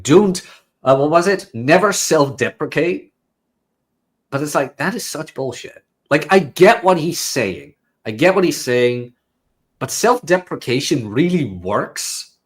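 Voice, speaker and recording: A man from the Netherlands, a guest coach, telling self-mocking stories in casual chat with swearing and laughter. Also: mid-range voice.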